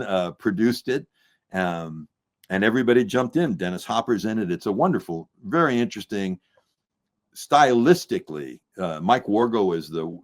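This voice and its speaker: An older man, a filmmaker and musician, telling a long anecdote in an interview and acting out the people he quotes. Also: fairly low pitch. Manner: animated storyteller acting out quoted voices. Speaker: filmmaker guest.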